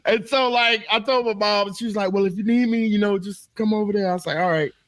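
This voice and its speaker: A man co-hosting a comedy podcast, telling a story in an animated, laughing way and acting out his own panicked voice. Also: sits high, fast, no room sound. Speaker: podcast co-host.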